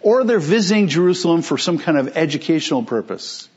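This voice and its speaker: A man preaching a conversational sermon as pastor, acting out listeners' reactions in quick asides. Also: a little high, sing-song, darkish tone, husky, dull audio.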